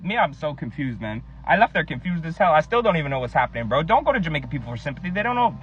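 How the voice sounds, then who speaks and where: A man's voice: on the high side, sing-song, rapid-fire, few pauses, a bit bright, highs cut off, slight background noise. A man narrating a comedic personal story in casual slang, sounding exasperated.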